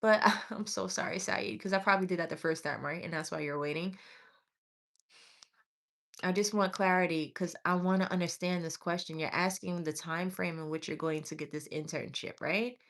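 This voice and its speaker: Her voice is lowish, steady, creaky, and a bit bright as this woman reads tarot on a livestream. She scrolls through chat and reads it aloud with pauses and restarts, chatting affectionately and calling viewers honey and sweetie.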